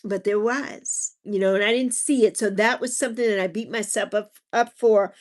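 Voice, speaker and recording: A middle-aged woman hosting a casual livestream, gently consoling viewers about grief while reading their comments, her voice sometimes breaking with tears. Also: medium pitch, fairly even intonation, moderate pace.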